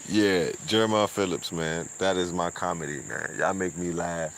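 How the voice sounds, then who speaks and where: A man chats casually on his livestream. He is laid-back, full of slang and giving shout-outs, and he repeats words as he goes. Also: low-pitched, fairly even intonation, moderate pace, hardly any pauses. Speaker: streamer and show host.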